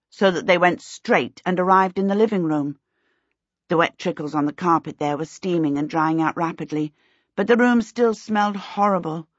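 A woman's voice: fairly low pitch, no echo. Woman reading a kids fantasy storybook, dry close sound, a bit muffled. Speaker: audiobook narrator. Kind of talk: storybook narration.

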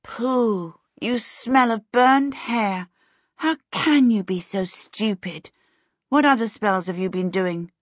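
A woman's voice: medium pitch, expressive, a little slow, no room sound, lo-fi sound. A woman doing a grumpy bossy young girl. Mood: scornful. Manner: snappish, bossy.

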